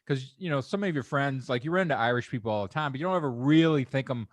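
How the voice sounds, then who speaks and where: A man's voice: mid-range voice, fast, no room sound. Reflective male podcast host, dry sound. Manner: reflective, musing, casual fillers. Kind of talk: podcast conversation.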